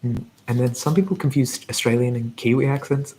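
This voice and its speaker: Soft-spoken man in a whispered Q&A. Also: medium pitch, a little fast, slight background noise. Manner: soft, rambling, reads out viewer comments. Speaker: ASMR channel host. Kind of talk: live whispered Q&A.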